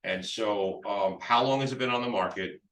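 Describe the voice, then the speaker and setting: In a live sales training talk, a man coaching real estate agents on phone scripts role-plays both sides, voicing the seller too, and rambles with frequent restarts. His voice sits on the low side, a bit bright, at a normal pace. It's recorded in an echoey room from a distant mic.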